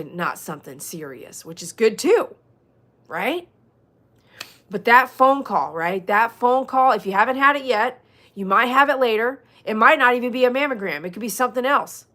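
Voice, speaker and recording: A woman hosting a casual livestream as a dog groomer, chatting with viewers and reading their comments aloud. She is animated and swings from loud mock outbursts to soft, earnest talk. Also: on the high side, moderate pace. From Texas. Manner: chatty, reads out viewer comments, uses y'all.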